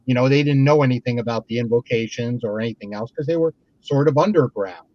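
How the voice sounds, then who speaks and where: A man's voice: fast, dry recording. Storytelling man on a lo-fi video call. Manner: animated, acts out quoted people in higher voices. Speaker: guest magician. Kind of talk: casual storytelling chat.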